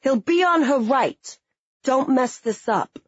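A woman's voice: high-pitched, animated, slow, husky, no echo, lo-fi sound, heavily acted. A woman voicing a hammy man who plays a detective at a murder-mystery party, with a put-on New York accent and a theatrical, self-important delivery. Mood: mock-serious.

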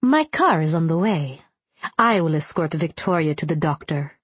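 A woman reading the part of a formal, composed man who speaks in a measured way in a storybook. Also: fairly high pitch, lively intonation, a bit bright, slightly rough, no room sound. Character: formal, composed male protector.

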